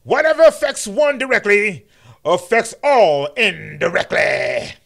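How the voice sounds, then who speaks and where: A man doing a booming preacher-orator. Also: animated, vocal fry, fairly bright tone, heavily acted. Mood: orating. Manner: swelling sermon cadence, drawn-out words.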